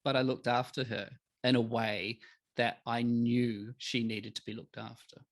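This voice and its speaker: A middle-aged man, a podcast guest telling emotional stories in a candid, animated way. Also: medium pitch, a little slow. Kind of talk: candid conversational interview.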